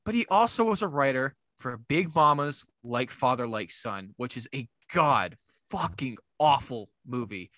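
A man's voice: medium pitch, expressive, measured pace, pushed and bright, dry recording. A man co-hosting a casual movie podcast, blunt and swearing freely. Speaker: podcast co-host. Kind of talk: casual chat.

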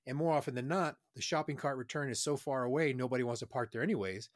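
A man's voice: medium pitch, quick pace, no room sound. Rambling, profane man, dry and close. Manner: rambling, profane, with frequent fillers and trailing off. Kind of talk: crude casual chat.

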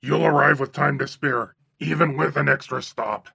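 A talkative, heavyset cab driver , as a male audiobook narrator puts him on, with a deep gravelly rasp and a husky, smoke-worn edge. He chatters on in a folksy drawl, sharp and forceful at the front of each word. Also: fairly even intonation, moderate pace, no echo, studio quality, heavily acted. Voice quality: raspy, phlegmy. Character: gregarious overweight chain-smoking male cab driver. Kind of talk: audiobook character voice.

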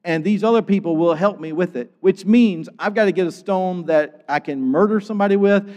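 Animated preacher man in a reverberant hall. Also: high-pitched, moderate pace, hardly any pauses. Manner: animated, acts out scenes, swings from loud to hushed. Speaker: pastor. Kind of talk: sermon.

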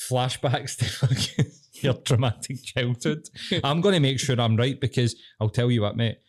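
A man's voice: mid-range voice, steady tone, moderate pace. A man with a Glaswegian accent co-hosting a podcast, blunt and sweary in casual chat with a friend. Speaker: podcast co-host.

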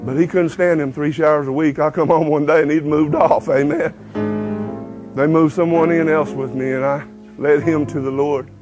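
High-voiced man preaching testimony. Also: steady tone, normal speed, music in the background, rough recording. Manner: folksy storytelling, breaks into hymn lines. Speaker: preacher giving his testimony. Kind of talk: testimony sermon.

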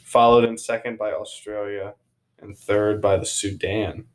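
A man's voice: on the low side, little pitch movement, a little slow. A young man in casual podcast chat, blunt and edgy, tossing out jokes and trivia.

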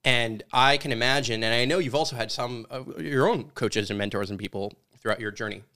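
A man's voice: medium pitch, brisk, sharp tone. A man hosting a casual interview while eating hot wings, chatty and rambling with many fillers. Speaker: podcast host.

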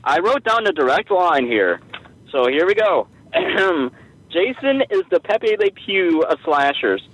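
A man leaves a casual voicemail with a fairly high-pitched voice. He rambles from thought to thought, cracking self-deprecating jokes along the way. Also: sing-song, a little slow, fairly bright tone, poor audio. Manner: jokey, meandering, self-deprecating. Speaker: voicemail caller.

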